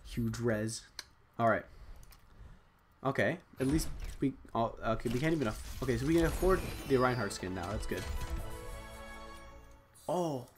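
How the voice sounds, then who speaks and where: A young man talking to himself at his computer while opening loot boxes, excitable and chatty. He groans at duds and cheers at good drops, in a plain mid-range voice on a desk mic, with faint music playing underneath. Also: mid-range voice, a little slow, pauses often. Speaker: gaming channel host. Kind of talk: casual unboxing commentary. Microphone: desk USB microphone.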